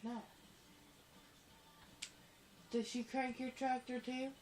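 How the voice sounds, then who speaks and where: A woman's voice: high voice, flat delivery, moderate pace, a little mellow, a little hiss or hum. A tired young woman rambling drowsily in a casual home phone video, breaking into giddy laughing fits.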